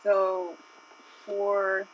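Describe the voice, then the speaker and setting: A woman's voice: mid-range voice, monotone, very slow, distant mic, noisy background. A woman streaming while she draws, telling a personal story in a rambling, chatty way with lots of fillers. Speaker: art streamer. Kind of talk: casual live-stream storytelling.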